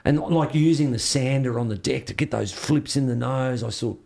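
A man's voice: medium pitch, moderate pace, creaky, darkish tone. A man with an Australian accent, a surfboard shaper, telling rambling stories in a casual interview and acting out the reactions he quotes.

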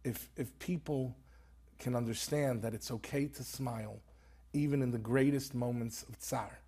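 A man's voice: mid-range voice, fairly even intonation, normal speed, warm tone, slightly rough. A man, an author and rabbi, telling a story earnestly in conversation and peppering it with Hebrew terms. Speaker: author guest.

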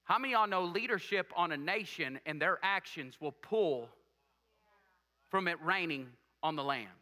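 A man's voice: high voice, animated, normal speed, sharp tone, long reverb tail. A male preacher delivering a sermon, asking the congregation rhetorical questions and making joking asides.

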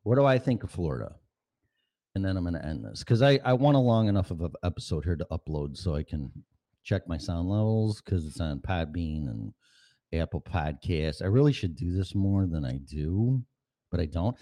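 Man, podcast host, deep voice, swings up and down, profane, rambling, home studio mic. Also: animated, normal speed, dark tone. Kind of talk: casual rambling monologue. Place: apartment at home. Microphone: studio mic with headphones.

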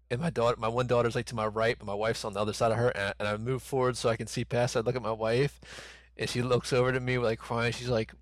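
A man's voice: medium pitch, no echo. A man in his thirties co-hosting a podcast, rambling and swearing in casual chat with lots of fillers. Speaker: podcast co-host.

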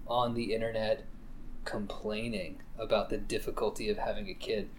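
A man's voice: lowish voice, normal speed, a little hiss or hum. A man co-hosting a casual podcast, rambling and swearing freely in loose banter while minding his toddler. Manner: rambling, profane, lively banter. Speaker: podcast co-host.

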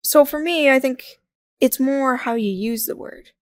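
A young adult woman speaking as a podcast guest, telling stories in a candid, jokey, animated way. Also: high voice, unhurried, dry recording, clean studio sound. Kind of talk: casual interview chat.

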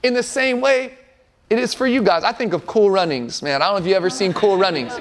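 A male pastor around forty delivers a sermon in a fairly high voice. He speaks earnestly and with emphasis, building his points through repeated phrases. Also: fairly quick.

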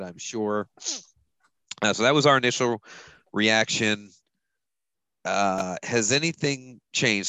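Male podcast host, lowish voice, dry close sound, chuckly and rambling. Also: a bit bright, clear, resonant tone, no echo, rough recording. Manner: chuckles often, loose and rambling. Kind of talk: casual sports chat.

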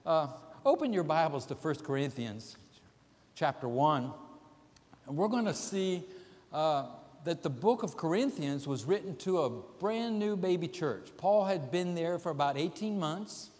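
A man's voice: on the high side, expressive, measured pace, a little mellow. A man preaching a sermon, telling folksy stories with chuckling asides, in an older, easygoing manner. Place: church sanctuary. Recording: reverberant church hall.

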